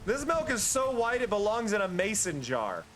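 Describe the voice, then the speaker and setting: A man chatting playfully and excitably with viewers during a live gaming stream. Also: sits high, moderate pace, background noise. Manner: playful, excitable, talks to chat.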